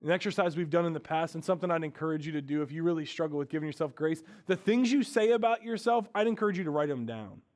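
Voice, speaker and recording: Preaching in a plain, conversational style, a male pastor moves quickly with few pauses. His voice is somewhat high for a man, and he shifts between hushed, quiet lines and louder, emphatic stretches.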